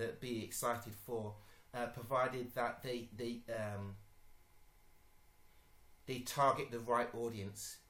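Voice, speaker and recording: Man, mid-pitched voice, excitable rambling commentary, swears a lot, lots of ums, echoey room. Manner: excitable, swears often, rambling with many fillers. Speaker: vlogger reacting to a movie trailer. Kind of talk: casual reaction commentary. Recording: roomy echo.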